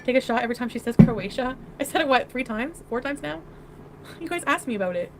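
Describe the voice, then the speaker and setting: A woman's voice: high voice, brisk. Rambling giggly woman in a noisy clip. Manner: rambling, giggly, oversharing chatter. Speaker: live streamer. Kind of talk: casual live-stream chat. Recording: clip played in a stream with steady background noise.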